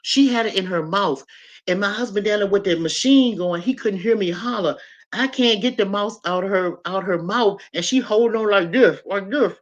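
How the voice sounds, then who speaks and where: A woman's voice: mid-range voice, normal speed. Chatty woman telling stories, lo-fi. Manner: chatty, colloquial, animated storyteller. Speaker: livestream host. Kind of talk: casual chat and storytelling to viewers.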